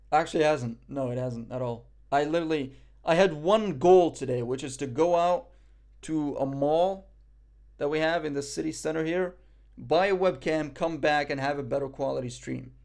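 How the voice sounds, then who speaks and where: Young Moroccan streamer, man, slightly high voice, loose self-deprecating banter. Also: vocal fry, darkish tone. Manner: joking, self-mocking banter. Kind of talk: casual live-stream chat.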